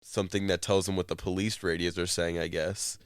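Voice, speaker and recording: A man's voice: low-pitched, little pitch movement, brisk, smooth, dry recording, clean studio sound. A man co-hosting a casual chat show, rambling through a story with fillers. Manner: rambling retelling with fillers and laughs. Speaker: co-host.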